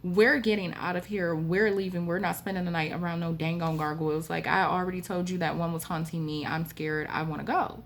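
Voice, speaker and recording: A woman's voice: lowish voice, steady tone, fairly quick, hardly any pauses, slight background noise, voice pushed down, close to an everyday voice. Woman voicing a frightened professor, pleading. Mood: scared. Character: frightened male professor desperate to leave.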